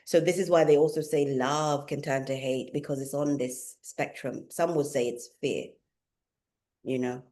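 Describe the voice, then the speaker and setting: A woman giving a spiritual talk, explaining ideas calmly and repeating key phrases for emphasis. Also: rumbling low, moderate pace. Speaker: spiritual teacher.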